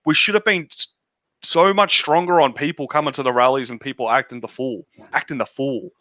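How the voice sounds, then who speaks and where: A man's voice: mid-range voice, animated, brisk, bright, forceful tone, dry recording. An Australian man hosting a casual political chat, blunt and profane, ranting in a dull lo-fi recording. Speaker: podcast host.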